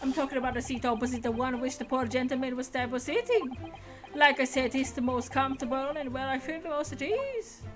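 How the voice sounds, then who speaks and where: A cheerful, folksy male witness spinning his answers at leisure, as a woman streamer puts him on. The voice sits fairly high. Faint music runs underneath. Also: brisk, natural voice. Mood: chatty.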